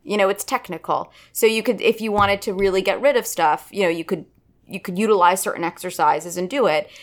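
A woman's voice: mid-range voice, a little fast. A woman voice coach chatting casually and eagerly, often checking in with listeners. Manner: animated, keeps checking in with "right?". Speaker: voice and dialect coach. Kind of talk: casual chat.

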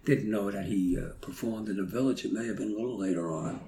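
Here the same kind of guest, a man of eighty-two, talks casually about the past, laughing softly as his stories wander. He speaks quickly in a lowish voice, with crowd noise in the background. There's a roomy echo and a faint layer of noise.

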